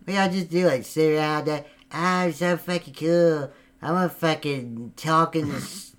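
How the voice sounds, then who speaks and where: Man playing a loud cussing hothead, late twenties, bright sharp voice, wild swings in pitch. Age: 20s. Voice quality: brash, yelling, constant cussing. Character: hot-tempered foul-mouthed 28-year-old southern man. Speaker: guest. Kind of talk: comedic podcast sketch.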